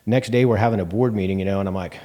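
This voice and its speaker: A Texan man with a low, mellow voice, speaking as a guest in a relaxed interview. He tells his stories lively and plays out every conversation in his own voice, sprinkling in plenty of ums and you-knows. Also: very fast. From Texas Panhandle. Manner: animated, acts out quoted dialogue with many fillers. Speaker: bank CEO, guest. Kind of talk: casual interview storytelling.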